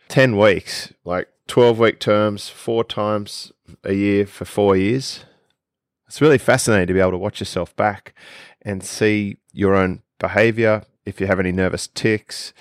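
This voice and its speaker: A man's voice: sits low, no echo, clean studio sound. A man with an Australian accent, a podcast guest explaining things with enthusiasm in casual conversation.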